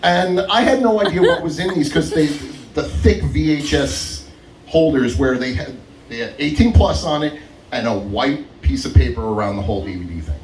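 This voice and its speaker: A young man performs stand-up in a roomy club, his voice a little higher than most men's. He rides his stories with lively swings in pitch and chuckles along the way. The mic sits some distance off, so the room rings around him. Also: normal speed, a little hiss or hum. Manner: animated, laughs through his own stories. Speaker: stand-up comedian. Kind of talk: open mic stand-up storytelling. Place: comedy club stage.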